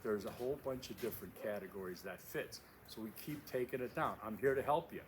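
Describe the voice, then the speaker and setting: A man's voice: fairly low pitch, fairly quick. Emphatic male instructor outdoors in wind. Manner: emphatic, repeats key phrases, many fillers. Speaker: course instructor. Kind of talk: casual video course introduction. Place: outdoors at a windy canyon overlook.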